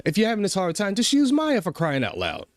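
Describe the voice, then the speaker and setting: A man's voice: high voice, wildly swooping pitch, quick pace, no room sound, studio quality. A man hosting a casual reaction commentary, talking to chat and scolding a streamer with exasperated repetition.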